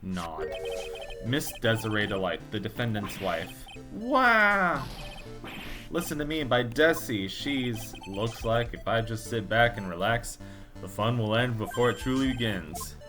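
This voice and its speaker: A low-pitched man reads a courtroom game's dialogue aloud, jumping between the characters' lines and his own silly jokes. He keeps it loose and playful. Game music plays clearly behind him. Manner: jokey, riffs and puns between lines, quick asides. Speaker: let's play host reading game dialogue aloud. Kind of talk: playful let's play narration with voiced characters.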